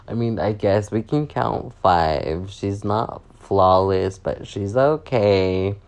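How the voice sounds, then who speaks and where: A man's voice: on the low side, slow pace, darkish tone. A young man with a sore voice, chatty and sassy, swearing freely as he rants in a casual vlog. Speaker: vlogger.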